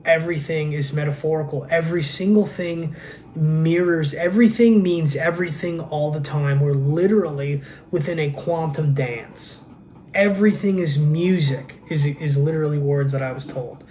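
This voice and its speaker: Intense guy rambling on his podcast, lots of restarts, kinda high voice, faint background hum. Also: darkish tone. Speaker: podcast host. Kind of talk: casual monologue. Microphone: camera microphone.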